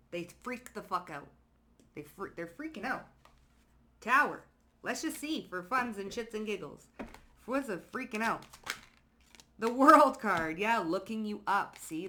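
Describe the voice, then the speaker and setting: Bright-voiced, profane woman reading tarot. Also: fairly low pitch. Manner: profane, slangy, emphatic. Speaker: tarot reader.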